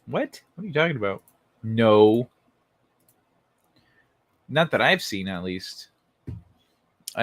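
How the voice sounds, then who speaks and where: A man's voice: on the low side, lively intonation, unhurried, long pauses, fairly bright tone, dry recording. A man hosting a casual livestream, reading news articles aloud and joking sarcastically with chat, often swearing and laughing. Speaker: livestream host.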